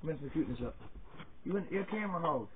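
A man's voice: fairly high pitch, animated, fast, background noise. A man chatting playfully with his dogs at home while filming them, teasing them and swearing freely. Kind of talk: casual talk to pets while filming. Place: inside a home. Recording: tinny, phone-like sound.

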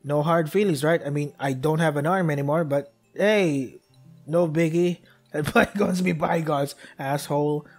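A young man commentating his gameplay, joking, excitable, and talking to the characters on screen. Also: fairly high pitch, measured pace, faint music behind. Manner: joking, excitable, talks to the game characters, laughs often. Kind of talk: let's play commentary.

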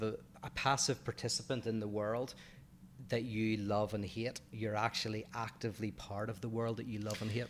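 A man with an Irish accent co-hosting a podcast, explaining philosophical ideas in a measured, patient way. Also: lowish voice, slight background noise. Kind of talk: casual explanatory chat.

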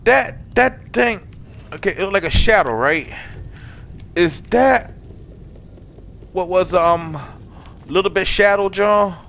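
A man commentating a horror game, excitable and profane, yelling and gasping at each scare. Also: high voice, takes it slowly, vocal fry, long pauses, a little hiss or hum. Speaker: gaming YouTuber. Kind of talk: horror let's play commentary.

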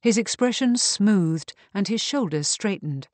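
A woman narrating a historical mystery audiobook in an even, measured reading. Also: mid-range voice, dry recording. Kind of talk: scripted narration.

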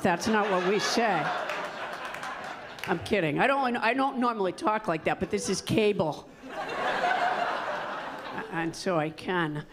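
A middle-aged woman doing stand-up, chatting with the crowd in a wry, halting way that keeps interrupting itself. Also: on the low side, very noisy. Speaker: stand-up comedian hosting. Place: comedy club stage. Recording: live club with audience. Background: crowd laughter.

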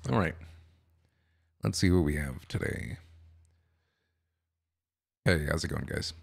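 A man with a cold-roughened, hoarse voice, chatting loosely and swearing with viewers while playing a game at home. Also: rumbling low, expressive, takes it slowly. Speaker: streamer. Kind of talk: casual live-stream chat while gaming.

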